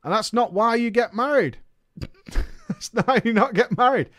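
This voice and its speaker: A man's voice: very high voice, normal speed, fairly bright tone. A man reading a story aloud to his viewers as a streamer, breaking off to swear, laugh and crack jokes to the boys.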